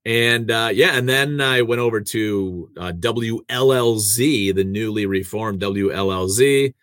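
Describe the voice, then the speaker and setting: Radio man, lowish voice, dry close mic, chatty self-deprecating storyteller. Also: measured pace, fairly bright tone, no room sound. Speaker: radio host and producer. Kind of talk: casual conversational storytelling.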